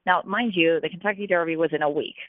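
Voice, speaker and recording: A woman jockey with a lowish voice talks fast in a casual interview, telling stories in a chatty, animated way with lots of fillers. The recording is dry and tinny, like a phone line.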